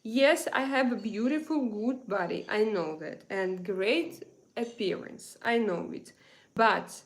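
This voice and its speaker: A woman from Russia with a Russian accent, hosting a casual live chat, slow and hesitant with many fillers. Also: medium pitch. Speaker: live stream host. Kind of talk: casual live chat reading viewer comments.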